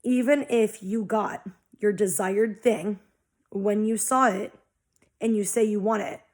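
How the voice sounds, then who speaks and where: A young adult woman, a spiritual vlogger, delivers a casual monologue about spiritual growth that is blunt and heavily profane, acting out how she used to react. Her medium-pitched voice is a little mellow, fairly even in intonation, and unhurried.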